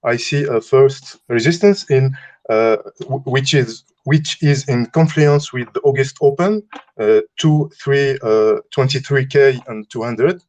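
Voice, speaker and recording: Caller: a man with a French accent, French native speaker, halting and polite, mid-pitched. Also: a little mellow. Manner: halting, many fillers, polite. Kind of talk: casual call-in question.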